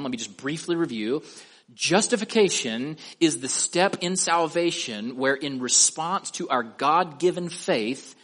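A man preaching a sermon, asking his listeners rhetorical questions and slowing down to stress key words at the ends of his sentences. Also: medium pitch, fairly bright tone.

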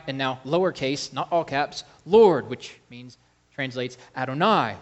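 A man preaching a sermon, slow and emphatic, calling to the congregation for amens. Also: mid-range voice. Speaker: pastor.

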